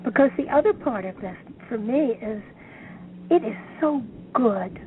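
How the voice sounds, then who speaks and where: A woman author being interviewed, speaking in a slow, thoughtful, musing way over a phone line. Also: a little high, lively intonation. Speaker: author guest. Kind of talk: reflective interview talk. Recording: tinny phone line, faint noise.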